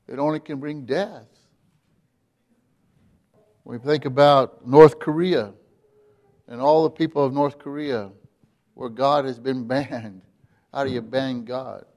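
A man preaching a sermon, emphatic, dropping quiet and then rising loud. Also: medium pitch.

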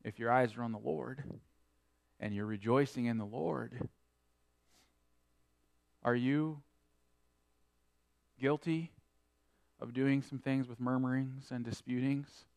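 A man preaching a sermon, quoting scripture in old-fashioned wording and swinging between emphatic peaks and quieter asides. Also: steady tone, takes it slowly, gravelly, long pauses. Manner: emphatic preaching, rising and falling in pitch and loudness. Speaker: pastor.

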